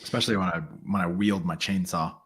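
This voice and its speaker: A man guests on a casual podcast with a fairly low voice. He talks reflectively, hedging and pausing as he works through his thoughts. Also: steady tone, fairly bright tone, breathy edge. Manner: reflective, halting, with hedges. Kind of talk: casual chat.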